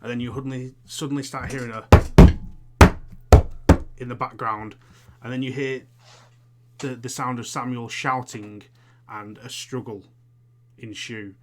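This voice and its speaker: A man's voice: medium pitch, fairly even intonation, unhurried, long pauses. Man narrating as game master, faint hiss. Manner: hesitant, many fillers and restarts. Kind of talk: narrating a tabletop horror game.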